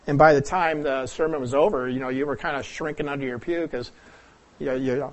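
This man from the US Pacific Northwest preaches a sermon the way a teacher would explain a lesson, putting questions to the audience and clearing his throat often. His pitch is medium and his pace a little fast.

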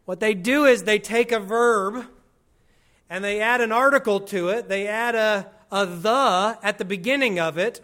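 A pastor giving an expository sermon, teaching in a conversational way with wry asides and slowing down to stress key phrases. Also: male voice, sits high, bright, forceful tone.

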